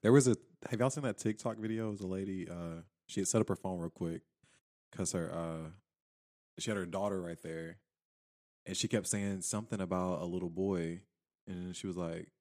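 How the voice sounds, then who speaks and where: Guy with a low voice, chill reflective chat, retelling a story. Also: steady tone, normal speed, darkish tone. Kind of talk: casual chat.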